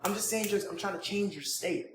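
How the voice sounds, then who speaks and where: Energetic male sales coach, echoey room. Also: high-pitched, a little fast, background noise. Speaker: network marketing trainer. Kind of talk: coaching students, informal training. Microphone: phone. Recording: echoey room, faint ambience, phone recording.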